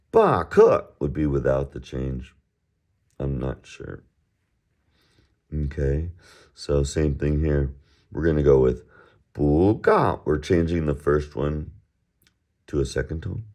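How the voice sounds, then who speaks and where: Very deep-voiced, slow-talking male teacher. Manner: easygoing, drills words slowly and repeats them; relaxed chatty asides. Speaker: Chinese teacher. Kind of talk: recorded language lesson.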